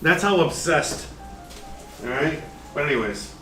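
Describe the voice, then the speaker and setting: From his home kitchen, a former chef hosts a casual live cooking stream, rambling and joking with lots of filler words. His voice is fairly high and bright, lively, a little slow, with faint music behind. He's far from the mic, making the recording roomy, distant, and noisy.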